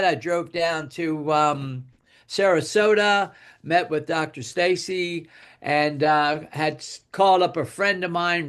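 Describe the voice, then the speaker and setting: A man's voice: fairly high pitch, fairly bright tone, clear, resonant tone. An older man telling a long personal story in a casual, rambling way, repeating words and dropping his voice for quoted asides. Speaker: guest speaker telling a testimonial.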